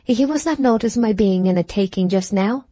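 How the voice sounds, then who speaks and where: A woman's voice: mid-range voice, moderate pace, dark tone, no room sound, natural voice. A woman voicing a proud, passionate young woman farmer in an audiobook, speaking in heightened, emotional period dialogue. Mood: pleading.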